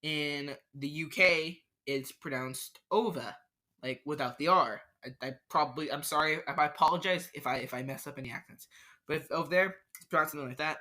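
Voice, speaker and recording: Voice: medium pitch, brisk, pushed and bright. A podcast host, rambling through an unscripted solo rant, stammering and restarting sentences often.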